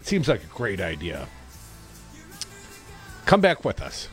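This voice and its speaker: A man's voice: low voice, huge pitch swings, slow, faint music behind. A man hosting political talk radio, reading news and adding sarcastic, opinionated asides.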